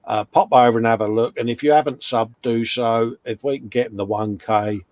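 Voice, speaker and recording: A man's voice: mid-range voice, steady tone, fairly quick, a little mellow, dry recording. Chatty man hosting a live stream. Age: middle-aged. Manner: chatty, reads viewer comments aloud, fond of puns. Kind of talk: casual live-stream chat.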